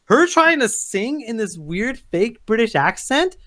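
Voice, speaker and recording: A man's voice: very high-pitched, big pitch swings, unhurried, fairly bright tone. A man co-hosting a casual movie review chat, sarcastic and mocking. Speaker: co-host.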